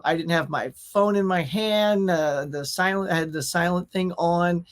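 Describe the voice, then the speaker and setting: A man's voice: high-pitched, a bit bright. A man hosting a casual pop culture livestream from a room at home, chatty and laid-back, greeting viewers by name. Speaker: host of a pop culture live show. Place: his own home collection room.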